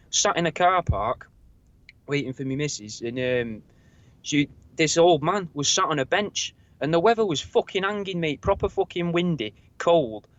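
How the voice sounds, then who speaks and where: Sweary man telling stories. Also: fairly high pitch. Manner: swears freely, rambling anecdotes. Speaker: podcast co-host. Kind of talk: casual storytelling chat. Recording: dull lo-fi dry recording.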